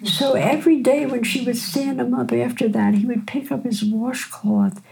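An older woman, a physician and teacher, telling stories in a gentle, unhurried way during a conversation. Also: fairly high pitch, vocal fry, a crowd in the background, low-quality recording. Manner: gentle unhurried storyteller, frequent "right?". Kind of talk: storytelling in a conversation.

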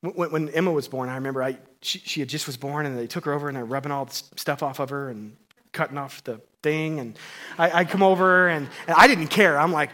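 A man's voice: a little high, quick pace. Conversational male pastor preaching. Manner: conversational and playful, with swings between loud emphasis and hushed tones. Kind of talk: sermon.

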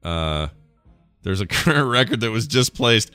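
A man's voice: medium pitch, very animated, a little slow, sharp tone, clean tone, dry recording, faint music behind. A man hosting a casual call-in podcast, chatty and jokey, laughing often. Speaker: podcast host. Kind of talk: casual call-in show chat.

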